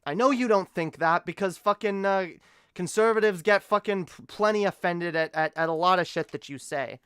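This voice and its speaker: Male streamer, high clear voice, profane stammering rants, dry close sound. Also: moderate pace, a bit bright, dry recording. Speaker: streamer reacting to videos. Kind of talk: casual reaction commentary.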